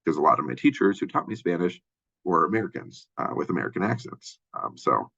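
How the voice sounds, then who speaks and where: A man from Minnesota with a Minnesotan accent and a deep voice, giving a casual college lecture full of fillers and restarts. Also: big pitch swings, fast talker, creaky, fairly bright tone, husky, highs cut off. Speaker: college instructor. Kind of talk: lecture overview of a textbook chapter.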